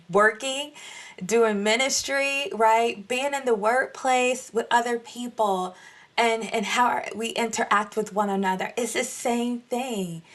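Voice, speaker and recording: A woman hosting a devotional podcast, preaching with animated energy and addressing her listeners as y'all. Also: fairly high pitch. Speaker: Christian podcast host. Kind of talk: devotional teaching.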